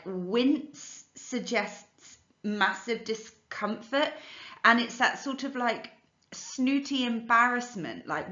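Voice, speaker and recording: Chatty teacher, bright voice, echoey room. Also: female voice, a little high, highs cut off. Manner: chatty, explanatory, with many fillers and restarts. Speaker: English literature teacher. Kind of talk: revision lesson walkthrough.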